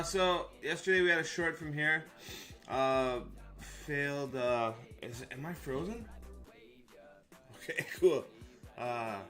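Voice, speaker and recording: Casual male stream host, bright forceful voice, jokey and hyped, faint music behind. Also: fairly high pitch. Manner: joking, hyped, slangy and swearing. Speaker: live stream host for crypto trading. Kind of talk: casual live-stream chat over charts.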